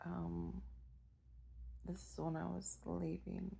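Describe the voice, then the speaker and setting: A woman's voice: fairly low pitch, level tone, slow, warm tone, a little hiss or hum, poor audio. A woman telling a personal story in a rambling, hesitant way, stopping to search for words. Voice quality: gravelly, husky.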